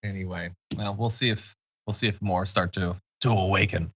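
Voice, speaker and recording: A man's voice: low-pitched, fairly even intonation, fairly bright tone, lo-fi sound. A man hosting an online news show, talking in a wry, joking, casual way and reading out viewer messages. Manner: wry, joking, fast asides. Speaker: show host.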